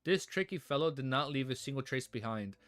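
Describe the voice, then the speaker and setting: A man reading the lines of a calm, mysterious female spirit medium in a novel, in his own plain voice. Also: mid-range voice, no echo, natural voice. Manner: calm, measured.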